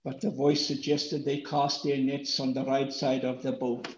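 A man preaching a sermon, animated and acting out the speakers' lines with big jumps in pitch. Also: moderate pace, a little hiss or hum. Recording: roomy echo, dull lo-fi sound.

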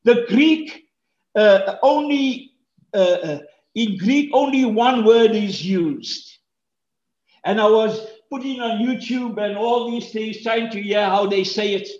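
A male pastor preaching a sermon, swinging from hushed tones to shouts and repeating key phrases for stress. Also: sits high, unhurried, reverberant, highs cut off.

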